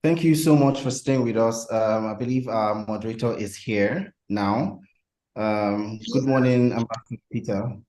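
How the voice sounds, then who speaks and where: A man's voice: lowish voice, a little slow, a little mellow, roomy sound, poor audio. A man hosting an online webinar, speaking politely with many hesitations. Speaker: webinar host.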